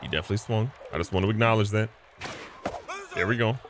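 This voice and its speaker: A young man casually commentating his own baseball video game, excitable and joking, swinging between hype and mock despair. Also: lowish voice, fast, a crowd in the background. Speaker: gaming channel host. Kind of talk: live gameplay commentary.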